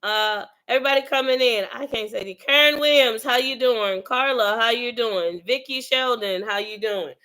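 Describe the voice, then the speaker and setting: Hosting a relaxed livestream, this Bronx, New York woman chats and calls out viewers by name. She speaks at normal speed with few pauses, in a slightly high, bright, forceful voice.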